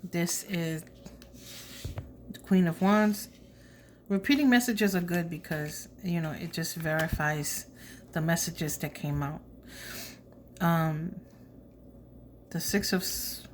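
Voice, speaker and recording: A woman's voice: sits low, slow, long pauses, slight background noise. A woman giving a casual tarot reading, blunt and chatty, with slang asides. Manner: drops to a soft whisper when asking spirit. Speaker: tarot reader.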